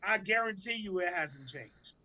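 A man, probably in his thirties, co-hosting a podcast, telling stories in casual, profane, animated chat. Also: high-pitched, normal speed, rough recording. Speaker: podcast co-host.

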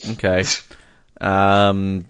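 A man's voice: low voice, monotone, extremely slow, clear, resonant tone, dry recording. A man co-hosting a casual podcast, joking and laughing often as he reads out fan messages. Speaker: podcast co-host. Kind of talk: casual chat.

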